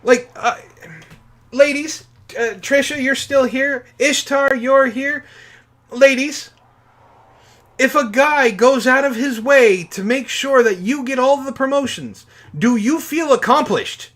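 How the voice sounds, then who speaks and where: A man in his forties co-hosting a podcast, telling stories in a profane, animated casual chat. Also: very high-pitched, slow pace. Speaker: podcast co-host.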